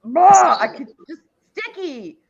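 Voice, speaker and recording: A woman co-hosting a livestream in casual chat, blunt and animated, swearing freely. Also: high voice, brisk, highs cut off, over a noisy crowd. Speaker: livestream co-host.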